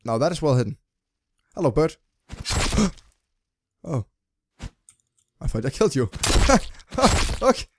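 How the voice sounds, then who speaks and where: A man's voice: mid-range voice, slight background noise. A man giving crude, jumpy commentary while playing a game, with constant squeamish reactions and swearing. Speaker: let's play gamer. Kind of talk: gameplay commentary.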